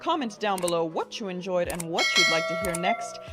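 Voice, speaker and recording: A young woman who is an opera singer and vocal coach, chatting excitedly as she reacts and explains singing technique. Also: on the low side, brisk, over loud music. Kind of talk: casual reaction commentary.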